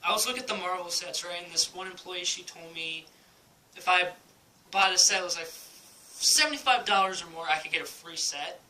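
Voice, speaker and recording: A young man with a high, very bright and tense voice tells a casual vlog story, rambling with lots of ums and likes. He laughs often between phrases. A faint hiss sits under the home recording. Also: fairly quick, poor audio. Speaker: vlogger. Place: at home, indoors.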